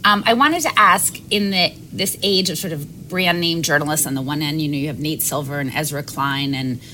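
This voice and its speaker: Woman, interviewer, low pitch, conversational, hedging, faint background noise. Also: brisk, bright, forceful tone, rough recording. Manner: chatty, hedging with "sort of" and "um".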